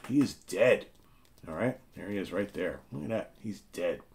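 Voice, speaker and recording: A man with a deep, low voice walks through an old comic, page by page. He reads captions aloud and keeps checking in with listeners. The tone is loose and conversational. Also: expressive, moderate pace, gravelly, darkish tone, a little hiss or hum. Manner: chatty, keeps checking in with "right?". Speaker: comic book show host. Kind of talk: casual comic book walkthrough.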